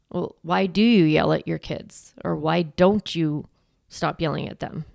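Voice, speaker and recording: A parenting coach and podcast host talks in a chatty, encouraging casual monologue, often saying "like" and "right." Her deep voice is unhurried and darkish with vocal fry, recorded studio-clean with no echo.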